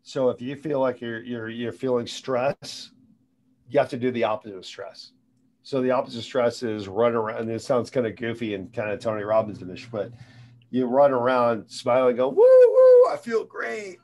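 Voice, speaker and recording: Male guest, middle-pitched voice, loose casual talker who repeats himself and restarts lines. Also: fairly even intonation, normal speed, a little mellow, a little hiss or hum. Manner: rambling, repeats words and restarts sentences. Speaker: guest speaker on sales and mindset. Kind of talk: casual conversational advice.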